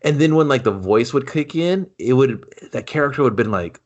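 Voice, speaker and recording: A man's voice: medium pitch, lively intonation, a little fast, dull audio. A man co-hosting a casual movie review podcast, joking and quoting characters in offhand voices. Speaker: podcast co-host.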